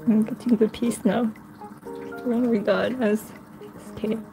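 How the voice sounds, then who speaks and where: A woman's voice: a little high, fairly even intonation, a little slow, creaky, music in the background. A woman vlogging with her pet, giggly, coaxing and pleading with it in casual talk. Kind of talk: casual pet vlog narration.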